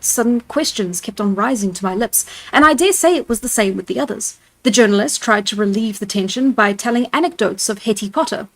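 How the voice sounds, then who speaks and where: Soft music accompanies a storyteller streamer doing a live reading of a classic novel in a mid-range voice. Every so often she steps aside to laugh at her own voice choices.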